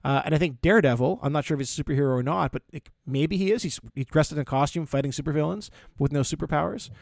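Man, podcast co-host, rapid talk, fairly high voice, lots of restarts, dry recording. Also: gravelly, no echo. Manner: halting, stammering restarts. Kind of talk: casual chat.

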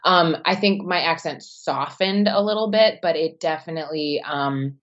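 A woman with a softened American Wisconsin accent, talking casually as a podcast guest with low, unsung intonation. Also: normal speed, dull audio. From Wisconsin, United States. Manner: low, not sing-songy intonation. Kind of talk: casual conversation.

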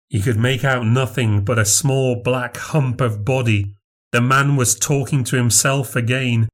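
A man narrating a horror story in a measured, unhurried reading. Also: medium pitch, fairly even intonation.

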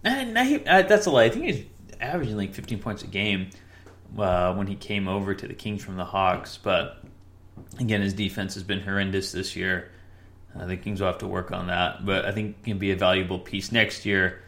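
Young man, low-pitched voice, casual sports podcast host, rambling, lots of fillers. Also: flat delivery, normal speed, a bit bright. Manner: rambling, self-correcting, with frequent fillers.

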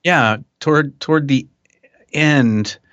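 A middle-aged man, a musician guest, telling stories in a relaxed, chuckling way with many restarts. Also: fairly high pitch, slow pace, no echo. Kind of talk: casual interview chat. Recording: dull dry podcast audio.

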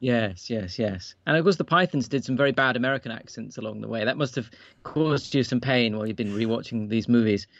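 Measured man on a dull dry line. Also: mid-range voice, creaky, no echo. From United Kingdom. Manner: measured and polite, many ums and uhs. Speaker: podcast guest. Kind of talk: casual podcast chat.

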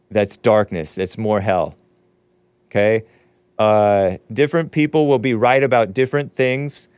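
A male show host chats loosely to his viewers, reading their comments and breaking into laughter. His voice is smooth and resonant, and the sound is dry with no room echo. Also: on the low side, a little mellow. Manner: rambling, laughs often between comments. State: losing his voice. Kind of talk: casual solo chat reading viewer comments.

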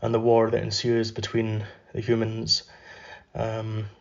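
Man reading aloud, measured and unhurried. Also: lowish voice, completely flat delivery, gravelly. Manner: measured, unhurried reading; loose and filler-heavy when chatting. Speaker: podcast host reading aloud. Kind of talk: literary reading. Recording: roomy, slightly dull recording.

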